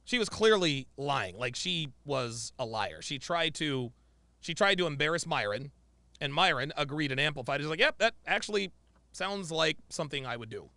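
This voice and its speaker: A male podcast host reacts to a clip with sarcastic commentary, often mimicking the people he is mocking. His voice is gravelly, with a sharp, bright edge, slightly higher than most men's. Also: lively intonation, normal speed, no room sound. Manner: sarcastic, mimics others in quotes.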